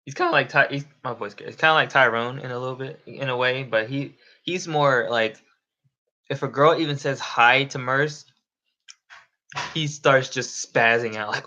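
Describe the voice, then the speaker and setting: Bright-voiced rambling young streamer. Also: male voice, medium pitch, normal speed. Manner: rambling, profane, laughs often. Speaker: live streamer. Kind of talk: casual livestream chat.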